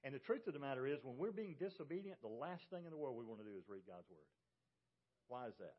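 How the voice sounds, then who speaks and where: A man's voice: mid-range voice, sing-song, fast, highs cut off. A middle-aged man, a pastor, preaching a sermon with emphasis and putting rhetorical questions to his congregation. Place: church sanctuary.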